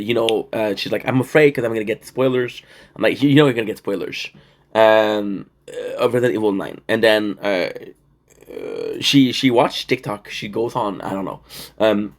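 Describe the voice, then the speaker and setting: A young man streaming and telling stories in casual, profane, rambling talk full of fillers. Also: lowish voice. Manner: profane, animated storytelling with frequent fillers.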